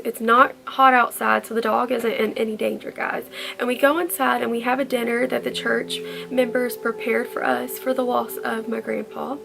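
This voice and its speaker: Woman, high gravelly voice, earnest storytime vlogger. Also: a bit bright, a little hiss or hum. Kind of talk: storytime vlog.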